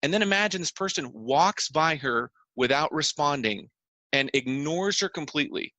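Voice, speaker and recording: A man's voice: fairly high pitch, expressive, moderate pace, sharp tone, no echo. A man on a podcast explaining his views earnestly, making his points through repeated phrases and everyday examples. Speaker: podcast co-host.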